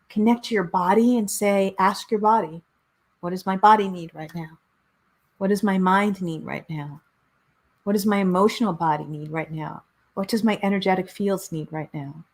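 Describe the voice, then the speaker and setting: A middle-aged woman hosting a spiritual talk show, speaking earnestly and repeating phrases for emphasis. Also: mid-range voice. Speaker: host, spiritual coach. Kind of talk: motivational talk show monologue.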